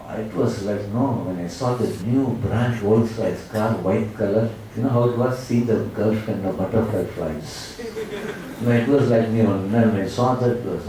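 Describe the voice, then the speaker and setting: Animated man speaking in an echoey hall. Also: on the low side. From India. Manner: animated storyteller, repeats "my dear friends". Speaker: guest speaker. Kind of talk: motivational speech. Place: large auditorium. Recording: echoey hall, mic at a distance, faint noise.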